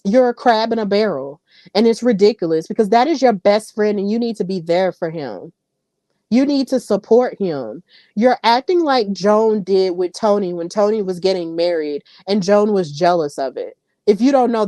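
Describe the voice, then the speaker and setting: Woman, podcast host, casual opinionated commentary, warm mellow voice, dry close sound. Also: medium pitch, no room sound. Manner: animated, opinionated, talks straight to listeners.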